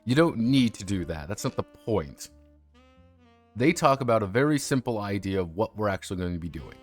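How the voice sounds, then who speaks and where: A man's voice: fairly low pitch, big pitch swings, brisk, soft background music. A man streaming a casual review of a tabletop game, rambling and swearing freely. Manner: rambling, profane, many fillers and restarts. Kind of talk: casual chat.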